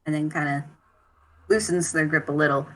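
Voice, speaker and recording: Low-voiced woman narrating role-play. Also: fairly even intonation, normal speed. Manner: hesitant, searching for words. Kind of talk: narrating character actions.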